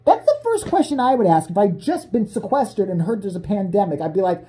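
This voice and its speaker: A man ranting in a casual, comedic way, with lots of swearing and frequent laughter. His voice is mellow and dark, and he keeps breaking into silly voices. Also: high voice, sing-song, a little fast. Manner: profane, laughing, jumps into voices. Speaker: vlogger.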